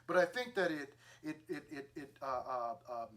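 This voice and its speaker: A man's voice: fairly high pitch, lively intonation, moderate pace, fairly bright tone. A male pastor preaching a sermon, telling a scripture story with acted-out lines and sound effects, then reading scripture and a poem aloud. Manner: reads scripture and poetry aloud.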